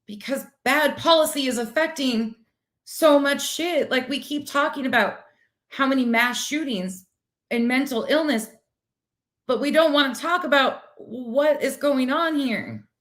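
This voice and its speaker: A middle-aged woman co-hosting a casual livestream talk show, blunt, animated and quick to swear as she reads viewer comments. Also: high-pitched.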